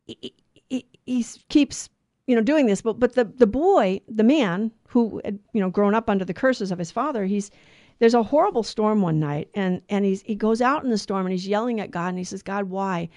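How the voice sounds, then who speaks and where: A woman telling a moral story in a casual, animated way, acting out the characters' lines. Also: mid-range voice, normal speed, dry recording, studio quality. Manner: animated, acts out the lines, many restarts.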